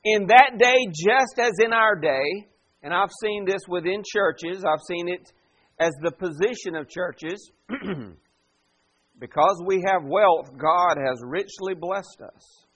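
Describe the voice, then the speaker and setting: A man's voice: high voice, slow pace, a bit bright, low-quality recording. A man preaching a morning sermon in a church, driving points home with strong emphasis and rhetorical questions. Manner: emphatic preaching, rising and falling in force. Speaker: pastor.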